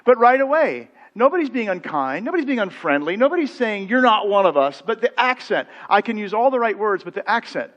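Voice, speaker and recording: Animated American pastor telling stories. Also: male voice, high-pitched, brisk, hardly any pauses, muffled recording. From United States. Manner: anecdotal, animated storytelling with quoted voices. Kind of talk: sermon. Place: church sanctuary.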